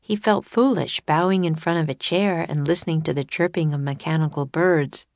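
A woman narrating a children's chapter book aloud in a calm, even storytelling manner. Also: low-pitched, normal speed, no room sound.

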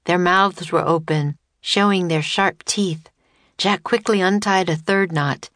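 Woman narrator, children's audiobook, steady, dry booth sound. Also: lowish voice, measured pace, dry recording. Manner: clear, steady storytelling.

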